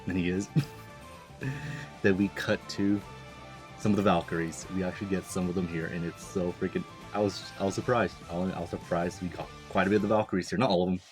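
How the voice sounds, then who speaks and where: Deep-voiced man rambling through a review. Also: flat delivery, fast, faint music behind. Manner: rambling, chuckling, heavy on "like" and "you know". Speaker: manga reviewer. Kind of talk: casual chapter breakdown.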